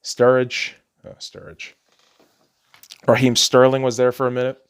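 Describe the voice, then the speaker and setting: A man's voice: medium pitch, monotone, a little fast, clean tone. A man hosting a podcast, ranting casually about football, swearing constantly and laughing at his own sarcastic jabs. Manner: rambling with restarts, gets loud when ranting. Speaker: podcast host. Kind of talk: casual profane football rant.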